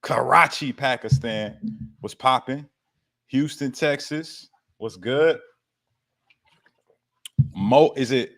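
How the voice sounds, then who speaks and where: A man's voice: mid-range voice, slow pace, gravelly, pauses often, fairly bright tone. A man hosting a casual livestream Q&A about fitness, with laid-back slangy banter, frequent laughs and casual swearing. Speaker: fitness coach hosting a live Q&A.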